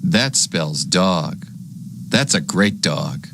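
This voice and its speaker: Slow-spelling man with a deep, lively voice. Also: noisy background. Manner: slow, clear letter-by-letter spelling with animal sounds. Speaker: children's teacher. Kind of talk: children's spelling lesson.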